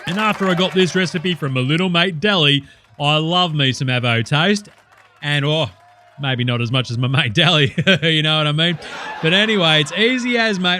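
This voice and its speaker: A man's voice: fairly high pitch, pushed and bright. A man with an Australian accent voicing a brash, crude bogan cooking-show host who swears freely and drawls slang in a comedy sketch.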